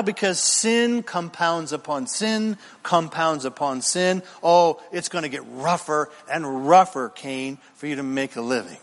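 A man preaching a sermon, animated, with rhetorical questions to the congregation and dramatic pauses. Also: fairly high pitch. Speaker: pastor. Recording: long reverb in a large hall.

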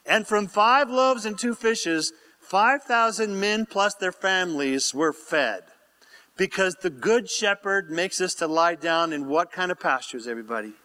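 A man's voice: high voice, animated, measured pace, bright, forceful tone, clean tone. A man preaching a sermon and reading scripture aloud with asides, prompting the congregation to call out answers. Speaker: pastor.

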